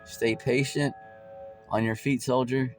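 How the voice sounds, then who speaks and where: A man's voice: mid-range voice, steady tone, slow pace. A man preaching a casual street sermon in a conversational, slangy, repetitive way, full of fillers, with music playing behind.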